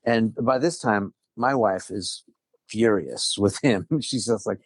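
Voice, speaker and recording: A man's voice: on the low side, takes it slowly, breathy edge, dry recording. A middle-aged man telling a personal story in casual conversation, earnest, often restarting his sentences. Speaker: guest.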